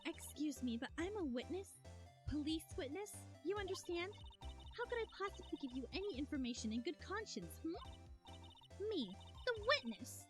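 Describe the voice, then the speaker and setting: A woman's voice: sits high, very animated, moderate pace, faint music behind, pitched above the performer's own voice. A woman voicing a self-important young woman witness who talks in a smug, teasing way.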